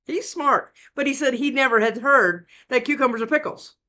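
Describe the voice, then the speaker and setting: A sleep-deprived tarot reader with a high, bright, forceful voice reads cards to camera for her viewers from home at a moderate pace. Speaking into a close desk mic, she rambles, trails off and keeps starting sentences over.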